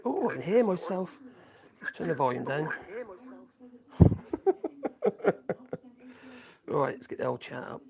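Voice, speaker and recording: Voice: mid-range voice, sing-song, slow, gravelly, pauses often, mellow. A live-streamer rambling casually while reading out chat messages, humming and chuckling between thoughts, speaking into a phone in a home workshop. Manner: rambling, hums to self, frequent chuckles.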